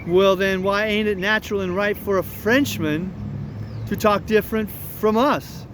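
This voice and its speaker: A man's voice: high-pitched, a little slow, background noise. A man reading as a patient young boy explaining things. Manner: patient, explaining, plain dialect. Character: boy narrator, clever young runaway.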